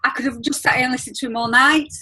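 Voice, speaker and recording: A woman's voice: high voice, steady tone, very fast, sharp tone, slightly rough, poor audio. A woman hosting a team training on a video call, chatty and gushing, rambling with fillers. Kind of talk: casual chat on a video call.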